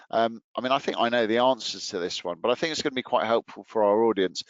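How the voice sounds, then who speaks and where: A man's voice: lowish voice, dry recording, dull audio. A man hosting a webinar panel, upbeat as he hands over to each speaker. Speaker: webinar host.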